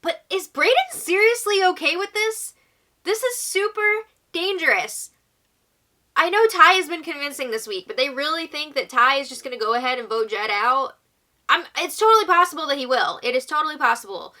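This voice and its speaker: A young woman hosting a casual recap, talking quickly and reacting with exclamations as she quotes people. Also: high-pitched, lively intonation, bright, forceful tone. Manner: chatty, exclaiming, quoting houseguests. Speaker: recap host. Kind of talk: casual reality-show recap.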